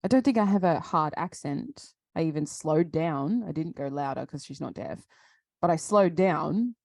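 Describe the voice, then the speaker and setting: An Australian woman co-hosting a casual chat, with a lowish, gravelly voice recorded dry and close. She rants her way through a story and acts out the back-and-forth. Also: moderate pace, a little mellow, dry recording. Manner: ranting storyteller, acts out both sides of conversations. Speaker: podcast co-host.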